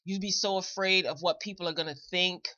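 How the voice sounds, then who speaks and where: Woman, online show host, bright forceful voice, emphatic, repeats lines, chatty, slightly muffled lo-fi audio. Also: lowish voice, steady tone, a little fast, no room sound. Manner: chatty, addresses viewers directly. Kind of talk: live online commentary show.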